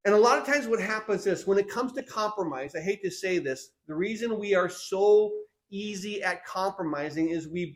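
A man preaching a sermon, animated, acting out Bible figures in quick back-and-forth dialogue. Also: high voice.

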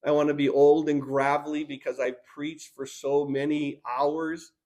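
A man's voice: a little high, flat delivery, a little slow, darkish tone. A male pastor preaching a sermon in an earnest, emphatic way, repeating key phrases, his voice strained by sickness. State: sick, strained voice.

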